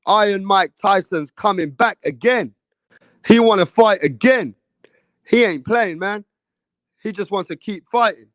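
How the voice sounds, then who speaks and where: Hosting a laid-back boxing livestream, this man from England reads viewer messages and keeps speaking directly to the people watching, full of slang and chatter. His voice is high-pitched and unhurried, recorded without echo.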